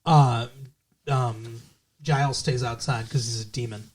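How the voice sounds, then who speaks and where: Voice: medium pitch, fairly even intonation, measured pace. A podcast co-host casually retelling a TV episode, rambling with lots of filler words. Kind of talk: casual recap chat.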